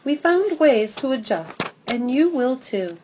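A woman voicing a kind, motherly female dog who speaks softly and sympathetically in a storybook reading. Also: sits high, big pitch swings, unhurried, background noise, pitched above the performer's own voice. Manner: soft, sympathetic.

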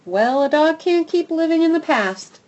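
A woman voicing a gruff, cynical female dog who grumbles and sneers in a storybook reading. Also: extremely high pitch, animated, moderate pace, a little mellow, muffled recording, pitched above the performer's own voice. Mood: sarcastic. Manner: grumbling, sarcastic.

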